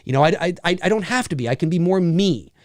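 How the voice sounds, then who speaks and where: A man's voice: high-pitched, fast talker, dry recording, studio quality. A man hosting a podcast, ranting in a casual chat with lots of restarts. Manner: animated, ranting, many restarts. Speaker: podcast host.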